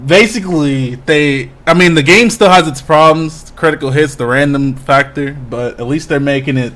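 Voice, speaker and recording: A man's voice: fairly high pitch, normal speed, fairly bright tone. A man co-hosting a casual podcast, talking in a brash, profane, trash-talking way. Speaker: podcast co-host.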